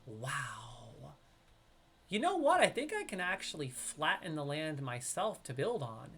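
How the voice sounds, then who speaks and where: This man's voice sits on the high side, and he talks at a moderate pace while casually narrating his game on a live stream. Between bits of chat with viewers, he occasionally yelps loudly with excitement.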